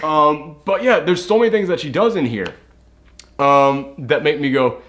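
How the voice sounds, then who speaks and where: A man's voice: fairly high pitch, lively intonation, unhurried, a bit bright. A man reviewing a movie in casual chat, rambling and swearing freely, acting out characters' lines in put-on voices. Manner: rambling, frequent "like" and restarts.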